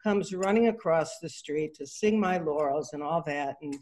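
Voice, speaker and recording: A woman's voice: low voice, moderate pace, a little mellow. A middle-aged woman telling a story over a video call, chatty and loose. She slips into the voices of the people in her tale, with plenty of ums and restarts along the way. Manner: chatty, acts out quoted dialogue, many fillers and restarts. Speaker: artist giving a talk. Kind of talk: casual anecdotal storytelling.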